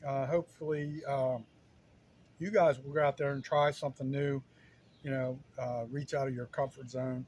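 A man in his fifties tasting his own cooking on a casual vlog, talking in a halting, stuttering, self-deprecating way, sometimes while chewing. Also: mid-range voice, flat delivery, darkish tone, slight background noise. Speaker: cooking vlogger.

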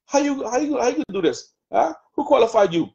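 A man with a Bahamian accent preaching a sermon, taunting in rapid repeated jabs as he voices the enemy's lies. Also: very high voice, lively intonation, gravelly, mellow, lo-fi sound. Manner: taunting, mocking the devil's voice in rapid repetitive jabs. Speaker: prophet preaching.

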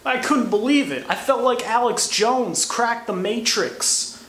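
A man's voice: very high voice, a little slow, a bit bright. Crude, sarcastic young comedian, man. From United States. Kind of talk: comedy monologue. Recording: echoey room, faint noise.

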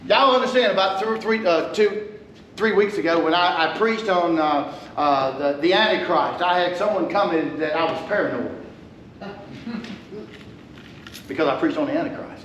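A man preaching a conversational sermon, swinging from low asides to loud emphatic peaks and chuckling at his own points. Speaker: pastor. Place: church sanctuary. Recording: echoey church sanctuary with faint hum.

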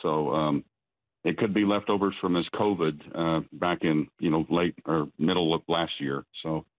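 A father being interviewed by phone on the news, speaking haltingly with many restarts. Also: rumbling low, steady tone, no room sound. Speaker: father of a released prisoner. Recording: tinny phone line, dry.

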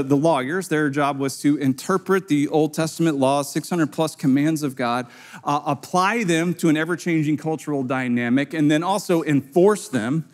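A man, a pastor, preaching a sermon in a conversational way and playing out the people in his story with quick voices. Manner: conversational, acts out quoted voices with sudden high pitch jumps.

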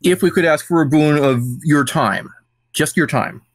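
Guy player in a tabletop game, kinda high voice, formal polite character talk, dry mic. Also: moderate pace, no room sound. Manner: formal, earnest in character speech.

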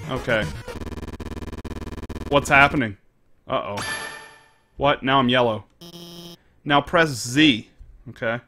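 A man's voice: medium pitch, slow pace, long pauses, pushed and bright, soft background music. A man streaming a video game, joking with viewers and reading the game's text aloud. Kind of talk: let's play commentary.

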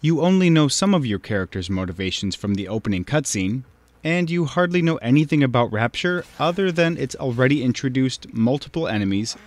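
A man narrating a scripted video essay in a measured, explanatory way, speaking directly to the viewer. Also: medium pitch.

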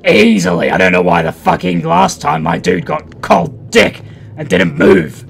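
Gravelly, foul-mouthed gaming guy. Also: a little high, wildly swooping pitch, a little slow, slight background noise. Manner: crude, loud, profane joking. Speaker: gaming channel host. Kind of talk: let's play commentary.

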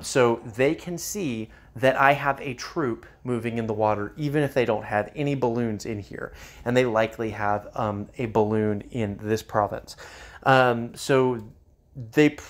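Man, gameplay commentary, casual, lots of ums, middle pitch. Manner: casual, many ums and uhs. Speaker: strategy game player.

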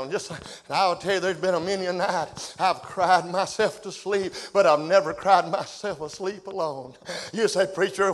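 Man, middle-aged, revival preacher, very high voice, folksy, shouts and hushes. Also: in a large hall. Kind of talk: revival sermon.

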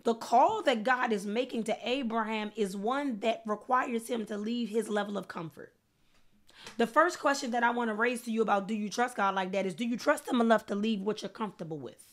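A woman's voice: mid-range voice, a little fast. A woman preacher delivering a sermon with fervent, emphatic repetition, building intensity as she speaks.

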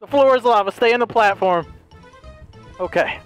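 A man giving loud, frantic gameplay commentary with friends, yelling and cackling at other players. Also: sits high, moderate pace, over music. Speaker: gaming YouTuber.

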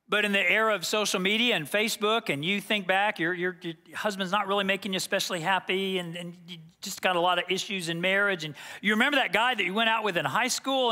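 A man's voice: high-pitched, bright, forceful tone, long reverb tail. A man preaching a sermon as pastor, talking conversationally and acting out quoted asides. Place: church sanctuary.

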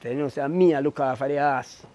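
A man's voice: medium pitch, fast talker, darkish tone. A middle-aged man, a racehorse trainer telling stories in an interview, acting out other people's lines as he goes. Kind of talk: casual storytelling interview.

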